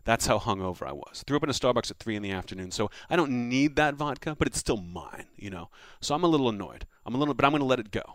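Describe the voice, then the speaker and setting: Fast-talking man telling a story. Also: mid-range voice, dry recording. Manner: animated anecdote teller, acts out quotes. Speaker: comedian guest. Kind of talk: casual storytelling chat.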